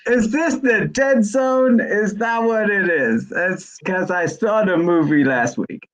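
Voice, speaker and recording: Comedian in his forties, high-pitched put-on impression, joking, muffled video call audio. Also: slow, few pauses. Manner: doing a friend's voice as a running joke. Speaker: co-host. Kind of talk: comedy chat.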